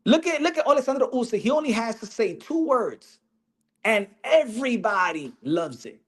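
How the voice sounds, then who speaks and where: A man's voice: extremely high pitch, very animated, normal speed. A man talks boxing in a loose, rambling way, often restarting his sentences. He mixes in Spanish slang as he goes. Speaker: boxing commentator. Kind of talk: casual opinion vlog.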